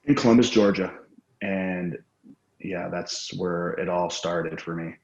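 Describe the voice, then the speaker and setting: A man's voice: sits low, slow, darkish tone. A man telling rambling, profane anecdotes as a guest in a casual interview. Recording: roomy, dull lo-fi sound.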